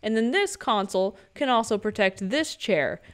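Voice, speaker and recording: A woman's voice: medium pitch, animated, normal speed. A young woman giving a casual, playful video game tutorial from home, chatty with joking asides. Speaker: gaming guide creator.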